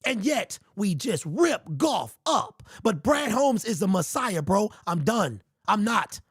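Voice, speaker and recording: A man's voice: sits high, very animated, takes it slowly, slightly rough, no room sound, clean studio sound. A man hosting a livestream sports show, ranting in a heated, exasperated way and repeating himself, his voice sounding strained. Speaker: sports podcast host.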